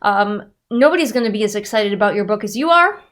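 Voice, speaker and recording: A woman talks straight to her viewers in a loose, conversational vlog. She sounds candid and pokes fun at herself, at a middle pitch typical for a woman. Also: expressive, fast talker, a bit bright. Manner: candid, self-deprecating, conversational. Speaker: writer and developmental editor. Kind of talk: casual chatty vlog.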